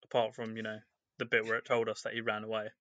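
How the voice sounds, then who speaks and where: Give me a male podcast co-host with a bright, sharp voice, casually rambling through a book recap. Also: on the low side, monotone, fast talker, no echo. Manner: rambling, filler-heavy recap.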